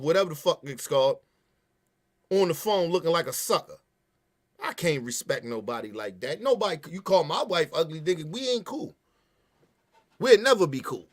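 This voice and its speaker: Man, fairly high voice, heated profane rant, emphatic commentary. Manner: profane, animated, emphatic ranting. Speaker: podcast host.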